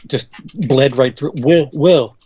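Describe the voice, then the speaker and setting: A young man talking haltingly, repeating words as he thinks, in a casual movie commentary. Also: medium pitch, dull audio, crowd noise. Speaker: commentary co-host.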